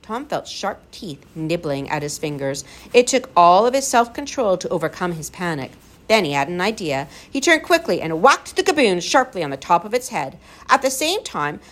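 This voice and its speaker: A woman narrating a children's adventure story with an expressive reading. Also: mid-range voice.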